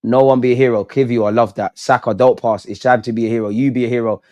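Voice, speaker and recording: A man's voice: medium pitch, steady tone, fast, darkish tone. A young man doing a live football watch-along, swearing, pleading with the players and throwing in lots of slang. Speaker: football fan streamer.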